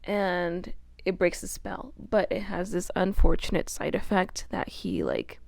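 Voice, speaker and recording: A woman's voice: fairly low pitch, very animated, unhurried, vocal fry, a little mellow, dry recording. A young woman giving a casual, chatty book recap, swearing and laughing often. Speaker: book reviewer.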